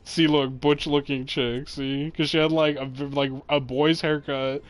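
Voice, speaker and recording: A man's voice: on the high side, flat delivery, unhurried. A young man in casual, joking chat with his girlfriend, cursing freely and defending himself with a grin. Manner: laid-back, swears a lot, jokey. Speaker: boyfriend chatting on camera.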